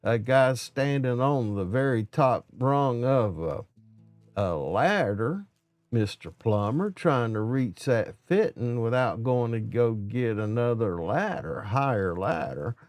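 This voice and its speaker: A man's voice: medium pitch, lively intonation, slow pace, a little mellow, no echo. A man telling folksy, rambling safety stories in a casual live-stream monologue, acting out the dialogue himself.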